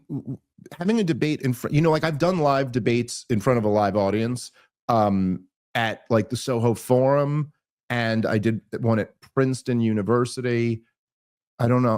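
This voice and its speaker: A man hosting a podcast, telling a story in casual chat, animated and full of restarts and mocking asides. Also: medium pitch. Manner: animated, mocking quoted voices, many restarts. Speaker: podcast host.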